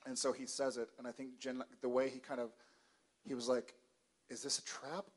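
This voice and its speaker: A man on a convention panel telling a family anecdote in a soft, laid-back, understated way. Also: medium pitch, completely flat delivery, a little fast, a little hiss or hum. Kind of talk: storytelling to an audience. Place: large convention hall with audience.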